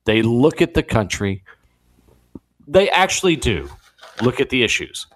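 A man's voice: mid-range voice, measured pace, a little hiss or hum. A man hosting a talk radio show, giving a digressive opinion monologue with frequent restarts. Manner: animated, digressive, many restarts. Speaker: guest radio host. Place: radio studio.

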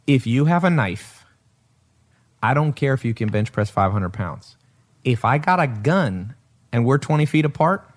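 A man hosting a podcast, chatting casually and telling stories in an animated way, laughing often. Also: mid-range voice. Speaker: podcast host.

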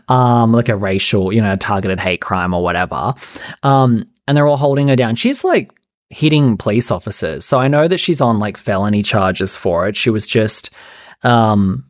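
A man hosts a podcast in a loose, gossipy chat, his talk studded with "like" and quick asides. His voice sits at an ordinary middle pitch. The sound is dry and close, with no room around it. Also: no echo. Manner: chatty, gossipy, lots of "like" fillers. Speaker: podcast host.

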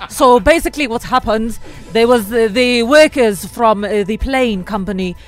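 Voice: medium pitch, moderate pace, soft background music, lightly acted. A person playing a touchy foreign correspondent, stammering and defensive.

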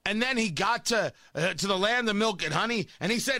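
Sarcastic combative male talk host, bright voice. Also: very high-pitched, animated, fast, hardly any pauses, no room sound. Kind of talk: opinion monologue.

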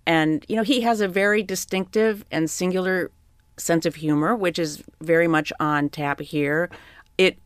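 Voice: mid-range voice, steady tone, normal speed, smooth, no room sound, clean studio sound. Thoughtful radio film critic. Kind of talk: radio film review chat.

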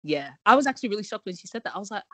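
A woman telling animated stories in casual conversation, acting out family exchanges. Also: medium pitch, rapid-fire, crowd noise. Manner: animated storyteller, acts out family dialogue. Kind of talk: casual storytelling.

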